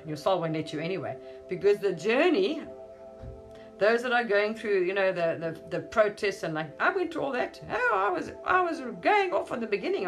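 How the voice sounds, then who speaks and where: A woman speaking as a spiritual teacher in a rambling monologue. She gushes, keeps repeating words of wonder and laughs often. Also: medium pitch. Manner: gushing, repeats wow and amazing, laughs often.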